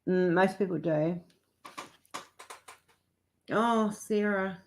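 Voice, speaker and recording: A woman's voice: mid-range voice, drawn-out words. A middle-aged woman hosting a casual livestream, chatting affectionately with viewers and laughing often. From Australia or New Zealand. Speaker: livestream host. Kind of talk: casual live chat with viewers.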